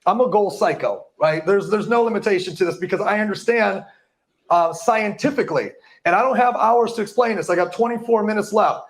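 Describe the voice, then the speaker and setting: A man's voice: high-pitched, fairly quick. A man giving a live motivational talk to an audience, hyped and profane, tripping over words now and then. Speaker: motivational speaker.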